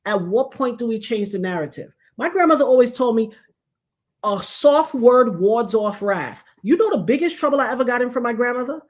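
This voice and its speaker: Animated woman storyteller on a livestream. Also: a little high, fast talker, few pauses. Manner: animated storytelling, acts out quoted voices. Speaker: show host. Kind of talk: livestream commentary chat.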